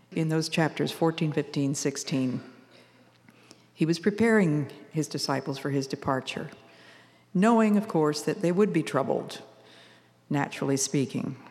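An older woman giving an earnest, measured radio devotional talk, quoting scripture as she teaches. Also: deep voice, darkish tone, in a large hall.

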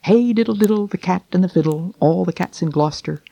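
A man voicing a hungry, vexed male cat who sighs and mews in a high, plaintive voice, as in a storybook reading. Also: brisk, vocal fry, mellow, rough recording. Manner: plaintive mewing, high and sighing.

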